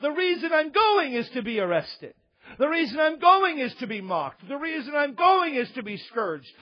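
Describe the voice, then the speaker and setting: A preacher voicing a resolute male teacher who loudly and emphatically declares what lies ahead; dull lo-fi recording. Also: extremely high pitch, sing-song, normal speed, voice pushed up.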